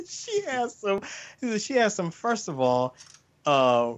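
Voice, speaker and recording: A man in casual chat, recapping a show and acting out its lines with big jumps in pitch. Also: slow pace. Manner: animated, acts out lines with big pitch swings.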